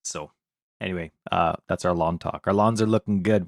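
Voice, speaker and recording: A man's voice: low voice, steady tone, moderate pace, gravelly, dry recording, clean studio sound. A man co-hosting a gaming podcast, goofy and teasing in casual chat. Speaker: podcast co-host.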